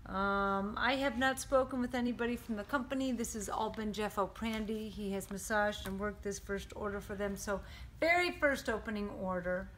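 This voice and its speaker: A woman's voice: medium pitch, a little fast, a bit bright, a little hiss or hum. A woman presenting her company's knives in an upbeat, detailed product showcase.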